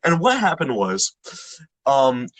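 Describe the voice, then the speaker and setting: A young man co-hosting a podcast, telling a story in casual banter, animated and swearing, acting out the people in it. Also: medium pitch, slow, no echo. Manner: animated, swears a lot, acts out voices in anecdotes. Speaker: podcast co-host.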